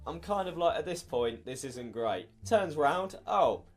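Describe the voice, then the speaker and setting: A man's voice: on the high side, very animated, measured pace, faint music behind. A young man, telling a story in a chatty, wry way with dramatic asides. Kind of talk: casual storytime narration.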